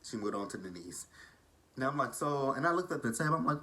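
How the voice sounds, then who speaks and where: A man's voice: mid-range voice, big pitch swings, quick pace, pushed and bright. Chatty man with a southern drawl. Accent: Texan. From Texas. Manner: chatty, gossipy, shady asides. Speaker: reality TV recap vlogger. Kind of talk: casual recap commentary.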